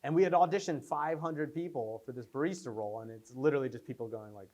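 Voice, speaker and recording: A man's voice: medium pitch, fast talker, few pauses, darkish tone. Man fielding questions after a screening, loose rambling storyteller, acts out his own quotes. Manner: rambling anecdotes, many fillers, acts out quotes. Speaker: filmmaker answering audience questions. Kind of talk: casual post-screening Q&A. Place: screening room before an audience.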